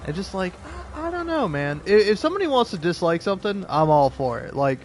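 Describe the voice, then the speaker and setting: A young man rambles through casual gameplay commentary, swearing freely and restarting his sentences. His voice sits slightly high, and faint game music runs underneath him. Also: sing-song, fast talker. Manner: rambling, profane, laughing asides. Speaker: streamer.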